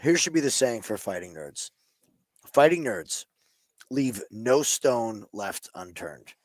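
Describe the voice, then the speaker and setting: A man's voice: lowish voice, big pitch swings, slow pace, dry recording, rough recording. A man co-hosting a betting stream over a video call, rambling with lots of fillers and swearing. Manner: rambling, filler-heavy, profane. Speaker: co-host. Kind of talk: live sports betting chat. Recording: dry, glitchy video-call audio.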